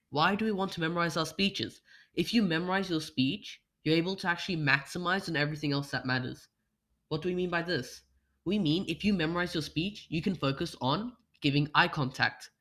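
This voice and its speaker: In an online workshop, a young man explains speech practice by way of rhetorical questions and illustrates changes in voice. He sounds fairly bright and on the high side. The audio comes from a computer microphone, with no webcam involved.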